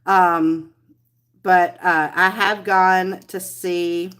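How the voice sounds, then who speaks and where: A woman's voice: on the low side, level tone, drawn-out words, a bit bright, clean tone. A middle-aged woman hosting a casual live stream, chatty and rambling as she greets viewers by name. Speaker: livestream host.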